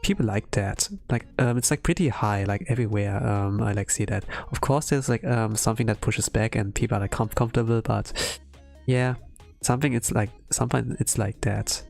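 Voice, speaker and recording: A man's voice: lowish voice, brisk, vocal fry, faint music behind. A man streaming himself drawing, chatting casually and rambling with lots of "like" and "um" fillers. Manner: rambling, heavy use of "like" and "um". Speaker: art streamer. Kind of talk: casual chat while drawing on a livestream.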